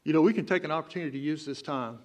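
A man's voice: a little high, very fast, a little hiss or hum. A man with a Texan accent, preaching a sermon as pastor and breaking into emphatic, rising outbursts. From Texas. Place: church sanctuary.

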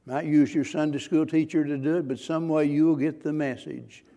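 A man's voice: on the high side, fairly even intonation, moderate pace, warm tone. A man preaching a sermon as pastor, earnest and questioning, pressing his listeners with rising, emphatic points.

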